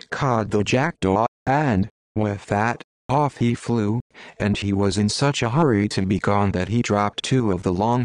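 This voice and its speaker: A man narrating a storybook in a steady, measured reading. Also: lowish voice, dry recording. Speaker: audiobook narrator.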